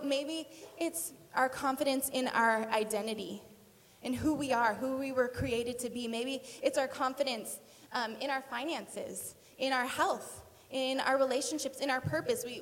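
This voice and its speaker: Woman in her thirties, relaxed self-deprecating preacher, slightly high pitch, hall reverb. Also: moderate pace. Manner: chatty, self-deprecating, laughing storyteller. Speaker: speaker at church. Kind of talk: sermon with personal story.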